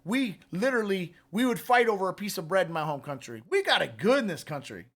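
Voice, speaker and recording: A man with a high, bright, forceful voice rants through political commentary. He sounds fired up and talks casually, straight to his listeners, like he's calling out to a buddy. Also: very animated, quick pace. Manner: fired-up, ranting delivery; conversational, addresses listeners directly with "man".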